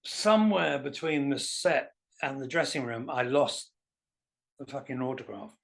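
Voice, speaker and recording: A man, a guest musician telling self-deprecating stories in a relaxed interview. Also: mid-range voice, unhurried, creaky. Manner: animated anecdotal, self-deprecating. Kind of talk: casual storytelling interview.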